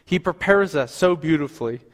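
Male youth pastor, casual lively sermon, slightly high voice, church reverb. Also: a little fast. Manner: casual, animated, acts out quoted voices. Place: church sanctuary. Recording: long hall reverb.

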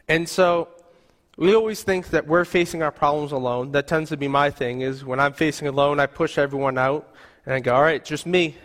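A male youth pastor giving a casual, animated Sunday sermon in a church, sometimes acting out quoted voices. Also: fairly high pitch. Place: church sanctuary. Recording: long hall reverb.

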